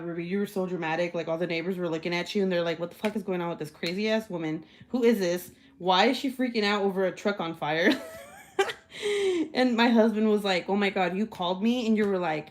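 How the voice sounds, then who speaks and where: A woman hosting her own livestream, telling a story casually, swearing freely and acting out everyone's lines with big jumps in her voice. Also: normal speed. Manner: animated, swears freely, acts out quotes with big pitch jumps; laughs often while telling the story. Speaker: channel host.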